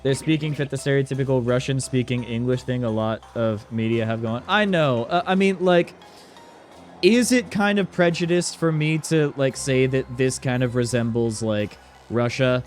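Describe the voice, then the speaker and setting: A man's voice: medium pitch, normal speed, soft background music. A man streaming a game, giving chatty, jokey commentary full of fillers. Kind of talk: casual let's-play commentary.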